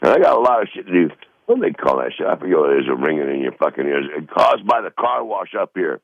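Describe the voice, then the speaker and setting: Deep-voiced profane rambling man. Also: sing-song, fast, creaky, no room sound, highs cut off. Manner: profane, rambling, reads from notes. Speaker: podcast host. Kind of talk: rambling casual monologue. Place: Northern Michigan home.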